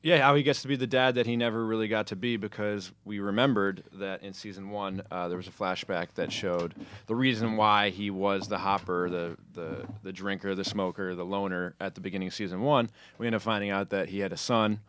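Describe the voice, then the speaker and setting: A man's voice: on the low side, fairly even intonation, a little fast, a bit bright, dry recording. A man co-hosting a casual podcast, talking in long, explanatory recaps. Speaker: podcast co-host.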